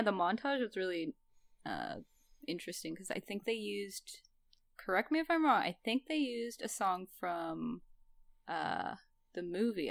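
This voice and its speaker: A woman co-hosting a podcast chats casually with a bright, lively voice that moves a lot in pitch. She giggles often and fills her pauses with hesitant ums and uhs. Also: gravelly, no room sound. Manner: giggly, animated, hesitant fillers. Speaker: podcast co-host.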